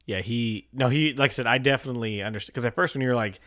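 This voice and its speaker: A man's voice: medium pitch, quick pace, fairly bright tone. A man chatting casually about a TV show, retelling scenes animatedly, laughing often and swearing. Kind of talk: casual chat.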